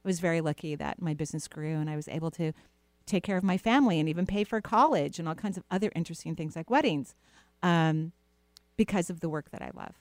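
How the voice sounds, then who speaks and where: A middle-aged woman hosts a call-in advice show, talking softly and reassuringly with playful, chatty asides. Her voice sits at a medium pitch and is recorded close and dry, with no room sound. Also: fast, no room sound. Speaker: radio show host, intuitive healer. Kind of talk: casual advice talk to a caller.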